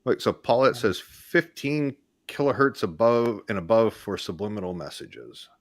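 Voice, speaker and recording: A man's voice: fairly low pitch, animated, moderate pace, dry recording, studio quality. An American man co-hosting a live-stream hypnosis chat, joking and reading out viewer questions. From United States. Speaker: hypnotist co-host.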